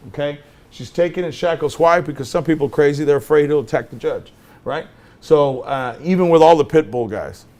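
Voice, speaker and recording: Middle-aged guy lawyer giving a lecture, acts out little back-and-forth conversations, lively storytelling, ordinary voice pitch. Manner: animated storytelling, acting out both sides of conversations. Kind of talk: lecture with acted-out anecdotes.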